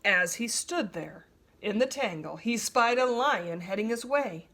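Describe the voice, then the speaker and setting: A woman reading a children's story aloud in an expressive, animated way. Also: a little high, a little slow, noisy background.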